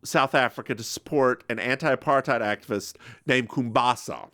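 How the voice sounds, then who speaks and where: A podcast co-host recaps an episode in a casual chat, speaking at medium pitch and moderate pace. The recording is studio quality with no echo. He giggles often and animatedly acts out the quotes.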